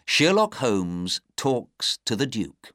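A man narrating a simplified story, reading slowly, clearly and expressively. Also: mid-range voice, very animated, fairly bright tone, dry recording, clean studio sound. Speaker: audiobook narrator.

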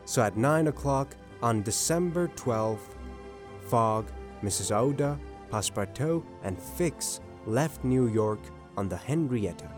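Male narrator, animated intonation, storybook reading over faint music. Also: medium pitch, slow. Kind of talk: scripted narration.

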